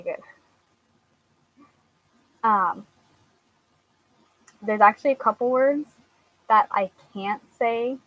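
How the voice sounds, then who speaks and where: A young woman chats casually with her viewers, stopping often with fillers. She laughs easily and talks in a relaxed, everyday voice of middling pitch. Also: low-quality recording. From Washington, US. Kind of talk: casual chat answering viewers.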